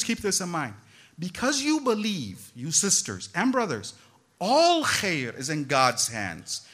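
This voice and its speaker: Woman preaching to a crowd, super animated, bright forceful voice, keeps throwing in asides. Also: a little high. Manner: animated, talks straight to the audience with frequent asides. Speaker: religious lecturer. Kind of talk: lively religious talk to a gathering.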